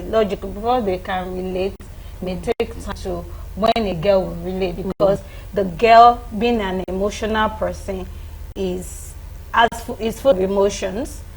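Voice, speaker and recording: A middle-aged woman on a talk show, explaining parenting in a lively way and acting out children's and parents' voices. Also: mid-range voice, a little hiss or hum, low-quality recording. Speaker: guest parenting expert. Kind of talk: studio talk show discussion.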